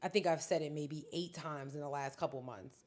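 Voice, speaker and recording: A woman's voice: sits low, brisk, darkish tone. A woman co-hosting a podcast in casual chat, blunt and emphatic, swearing freely. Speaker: podcast co-host.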